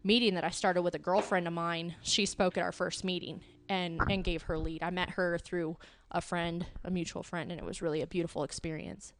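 A woman's voice: on the low side, flat delivery, a little fast, a little hiss or hum. A woman speaking earnestly and reflectively in casual chat.

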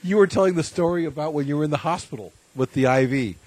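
A man in casual chat, easygoing and quick to laugh. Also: on the high side, darkish tone, dry recording.

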